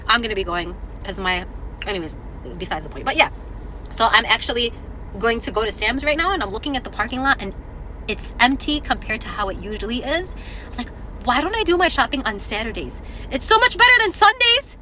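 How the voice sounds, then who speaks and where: A woman, chatting through a casual vlog while still congested from an illness, animated and full of exclamations and asides. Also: on the high side, brisk, a little hiss or hum. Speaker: vlogger.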